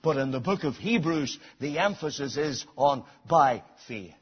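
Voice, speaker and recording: A man preaching a sermon, swinging between soft, intimate appeals and loud, shouted climaxes. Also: a little high, animated, normal speed, breathy edge, dull audio.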